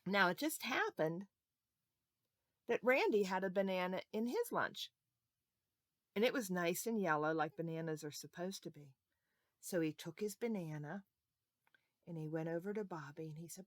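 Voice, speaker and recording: Lively woman telling a children's story. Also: fairly low pitch, moderate pace, long pauses, no room sound, clean studio sound. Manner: animated, asks the children questions.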